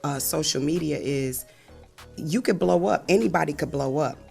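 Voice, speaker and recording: Low, gravelly-voiced woman comedian. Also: moderate pace, a little mellow, soft background music. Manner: laid-back, candid and chatty. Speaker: comedian and show creator, guest. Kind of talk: casual interview chat.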